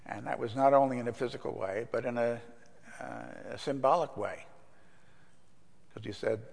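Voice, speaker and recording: An older man gives a conversational sermon, mixing stories with scripture in an everyday, mid-pitched voice. His words echo with a long church reverb. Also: moderate pace, vocal fry, pauses often, a little mellow. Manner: conversational, anecdotal, with fillers. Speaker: pastor.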